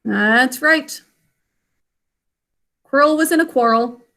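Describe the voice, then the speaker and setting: A woman teaching an online spelling lesson to children, speaking slowly and clearly. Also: sits high, sharp tone. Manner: slow, clear enunciation for children.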